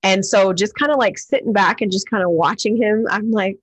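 A woman hosting a podcast, talking in a relaxed, reflective way. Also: mid-range voice, a little fast, breathy edge. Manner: relaxed and reflective, many fillers. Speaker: podcast host. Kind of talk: casual podcast conversation.

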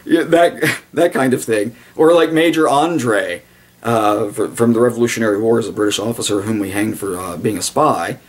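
A man's voice: on the low side, fairly even intonation, normal speed. A man giving a blunt, digressive video commentary, with sarcastic asides and sudden mock voices for the people he quotes. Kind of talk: casual commentary monologue.

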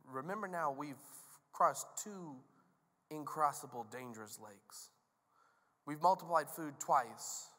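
A man's voice: fairly high pitch, takes it slowly. A male pastor preaching a sermon in a casual, joking, storytelling manner. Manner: conversational, joking, animated storytelling. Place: church sanctuary. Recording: long reverb of a large hall.

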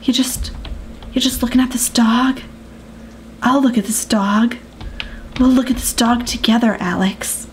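A woman's voice: on the high side, steady tone, unhurried, pauses often, slight background noise. A woman hosting a let's play of a farming game, playful and chatty, full of gasps and asides. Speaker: gaming video host.

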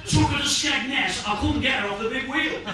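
A man's voice: very high voice, fairly quick. A man from Liverpool with a Liverpool accent, doing a stand-up comedy routine of punchy one-liners on stage. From Liverpool, England. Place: on stage in a venue before a live audience. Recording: echoey room, far mic, crowd noise. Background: audience and room ambience.

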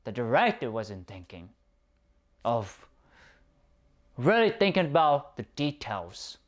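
Exasperated man ranting with a lively pitch. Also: slow. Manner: exasperated, profane, repeats himself. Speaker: movie reviewer. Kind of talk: casual ranting review.

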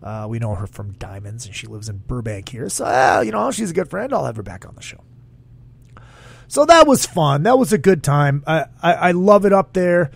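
A man with a high, gravelly voice hosts a casual podcast, rambling and joking crudely. His pitch swings all over the place as he reacts to listener comments. The sound is dry and close. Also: lively intonation, normal speed, dry recording. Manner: rambling, crude, jokey, reads chat comments aloud. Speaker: podcast host. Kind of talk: casual solo podcast chat.

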